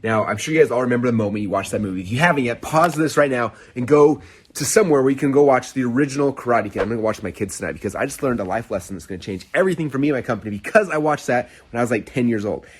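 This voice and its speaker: A man in his thirties hosting a podcast, telling a story in a casual, excited, rambling way with lots of fillers and restarts. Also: mid-range voice, very fast, husky. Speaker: podcast host.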